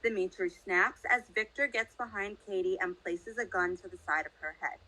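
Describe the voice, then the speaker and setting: A woman reading a story excerpt aloud in a measured, even manner. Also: mid-range voice, rough recording. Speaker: reader of an excerpt.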